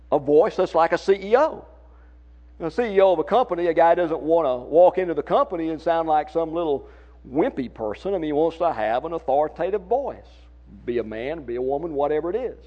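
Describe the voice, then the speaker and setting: On a muffled, lo-fi recording of a singing workshop, a Southern-accented church song leader coaches his congregation. His voice sits on the high side with a dark tone, and he's folksy and encouraging while demonstrating vocal techniques.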